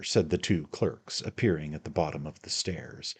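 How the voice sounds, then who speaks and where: A man narrating a classic novel as an audiobook, with measured storytelling. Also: rumbling low, slightly rough.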